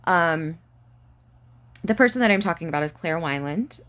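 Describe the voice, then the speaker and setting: A woman speaks to her camera in a casual personal vlog. Her voice sits a little low, and she talks haltingly, near tears, stumbling through restarts and fillers. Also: animated, fairly bright tone. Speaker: vlogger.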